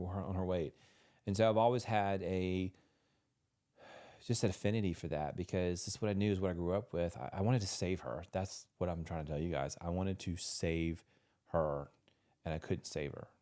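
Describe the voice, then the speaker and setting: A man with a lowish voice talks on a podcast in casual conversation. He is earnest and emotional, and he often restarts his sentences as he tells a personal story. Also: mellow. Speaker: podcast co-host.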